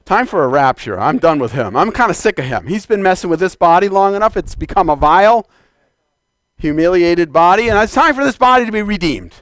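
A man preaching a fervent sermon in a church, exhorting the congregation and shouting declarations. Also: high voice, animated, a little fast, no echo, studio quality.

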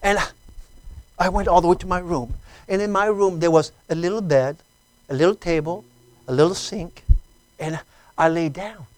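A speaker with a French accent, a native French speaker, giving an emotional testimony at a sermon. They tell the story with halting, repeated words and swing from hushed tones to loud ones. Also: medium pitch, no room sound, poor audio.

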